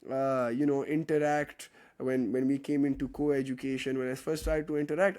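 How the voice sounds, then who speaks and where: A man's voice: fairly high pitch, steady tone, a little fast, darkish tone. A young man, teaching an online chemistry class in a casual, joking way and answering student questions. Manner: chatty, joking, reads out chat questions. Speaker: chemistry tutor.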